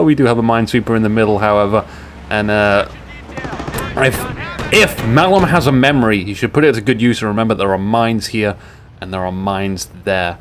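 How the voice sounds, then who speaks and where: A man's voice: lowish voice, lively intonation, normal speed, slight background noise. A British man casting a replay of a strategy game, rambling and joking with sarcastic asides. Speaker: game caster. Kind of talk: casual game commentary over a replay. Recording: game gunfire and explosions in the mix.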